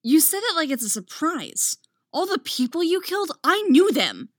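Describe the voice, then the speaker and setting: A woman voicing a hot-headed young male jedi apprentice, loud and snapping, in a dry recording. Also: mid-range voice, huge pitch swings, normal speed, no room sound. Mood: angry.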